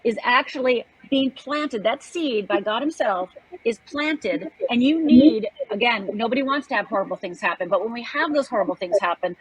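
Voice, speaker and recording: A woman's voice: fairly high pitch, animated, moderate pace, slightly rough, no room sound, poor audio. A woman in her sixties from Upper Michigan, telling a personal story as an interview guest in an earnest, emphatic way. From Upper Michigan, United States. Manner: earnest, emphatic, acts out quoted voices. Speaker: guest, life coach.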